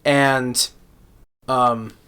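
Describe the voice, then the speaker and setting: A man giving a casual spoken anime review, halting with many restarts and repeated words, laughing often. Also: mid-range voice, level tone, bright, forceful tone, clean tone. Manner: laughs often while talking.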